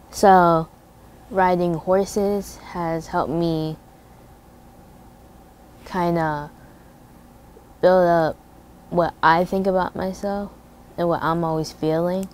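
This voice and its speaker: Slow, hesitant young woman, faint noise. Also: fairly low pitch, darkish tone. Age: teens. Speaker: program participant.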